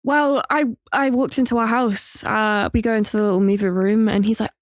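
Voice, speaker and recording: A woman's voice: fairly high pitch, fairly even intonation, brisk, no echo, studio quality. A young woman from Britain with a British accent that has drifted partly toward Canadian, telling stories in a casual podcast chat. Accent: British English, partly shifted toward Canadian. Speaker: podcast guest.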